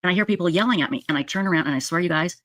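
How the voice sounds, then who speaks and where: A woman recounts events straight to her viewers in a casual, animated retelling. Her pitch leaps up when she stresses a point, and she keeps checking in with a quick "okay?". The sound is dry and close, with no room echo. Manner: addresses viewers directly with frequent "okay?". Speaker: true crime video commentator.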